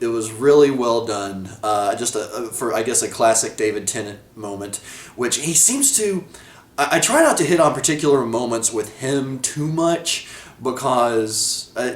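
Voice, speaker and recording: A man giving a casual video review of a TV episode, rambling, correcting himself and laughing often. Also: mid-range voice. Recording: echoey room.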